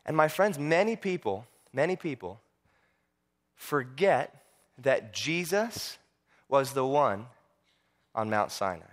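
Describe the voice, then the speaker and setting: A man preaching a sermon, telling stories with animated voices and frequent repeated words. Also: mid-range voice, takes it slowly, long pauses.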